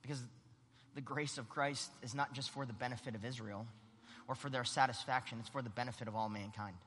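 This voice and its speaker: A man preaching a sermon, animated and acting out the voices in the story. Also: mid-range voice, fairly quick, in a large hall. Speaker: pastor.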